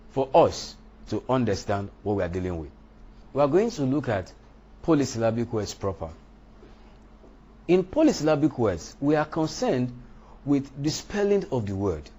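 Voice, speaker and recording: A man delivers a deliberate, emphatic phonetics lecture in a husky voice, with his pitch leaping and falling. He speaks English as a second language and spells out word endings letter by letter. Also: darkish tone. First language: not English. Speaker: English teacher.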